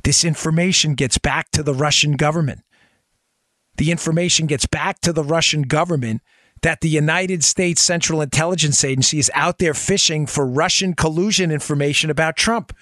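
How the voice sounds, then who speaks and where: A man hosting a political podcast, ranting with sarcasm and excitement. His voice is bright and forceful, a little high for a man, and recorded close and dry. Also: normal speed, no echo. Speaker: podcast host. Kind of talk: political commentary.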